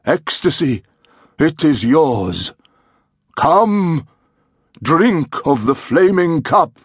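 A man voicing a grandiose male cult priest who intones slowly in a ringing voice. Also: a little high, very animated, husky, dry recording, studio quality, voice pushed up, full character voice. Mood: solemn intoning. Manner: slow, ringing incantation.

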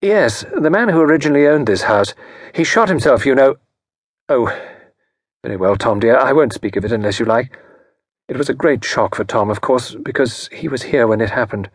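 A man's voice: mid-range voice, normal speed, husky, no echo, studio quality, natural voice. A man voicing a chatty, placid older lady who hosts a country house, talking in a genteel, prattling way in an audiobook. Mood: gossiping.

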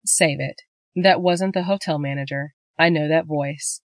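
A woman's voice: low-pitched, measured pace, dry recording. A woman voicing a betrayed, furious wife. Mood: cold. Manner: heated, raising her voice in anger.

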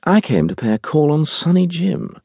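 A man voicing a suave, bantering gentleman outlaw who speaks with cool, quizzical mockery in an audiobook. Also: fairly low pitch, wildly swooping pitch, normal speed, slightly rough, dry recording, studio quality, heavily acted.

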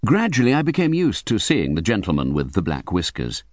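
Deep-voiced, animated male audiobook narrator. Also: brisk, dry recording. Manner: vivid, theatrical storytelling. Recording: dry close studio recording.

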